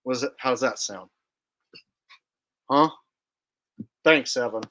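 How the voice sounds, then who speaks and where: A man's voice: medium pitch, slow, fairly bright tone. A man hosting a casual livestream, joking and rambling while reading chat aloud. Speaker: livestream host.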